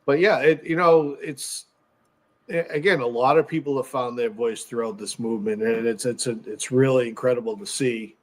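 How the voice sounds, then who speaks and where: A man with a mid-range voice co-hosts a relaxed podcast. He chats easily, backs up the others, and fills his sentences with "you know". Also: mid-range voice, moderate pace. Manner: affirming, chatty with many fillers. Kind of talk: casual podcast chat.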